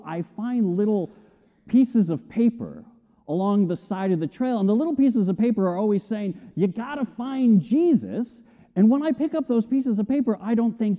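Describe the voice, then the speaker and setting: Middle-aged male pastor, high and very expressive voice, long hall reverb. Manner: animated storytelling, acts out shouted quotes. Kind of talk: sermon. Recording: tinny phone-like sound with long hall reverb.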